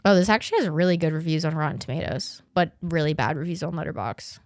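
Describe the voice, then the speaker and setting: Young woman podcast host, casual chat, lively pitch, low-ish voice, laughs and swears, dry close sound. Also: no room sound. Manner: animated, swearing, laughing often, reading aloud haltingly.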